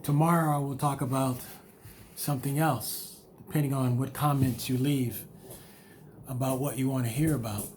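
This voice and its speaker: A man's voice: medium pitch, fairly even intonation, normal speed, a little mellow, slight background noise. A man delivering a motivational monologue, hammering home repeated rhetorical questions and speaking candidly about his own struggles. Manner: repetitive, emphatic rhetorical questions. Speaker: motivational video host.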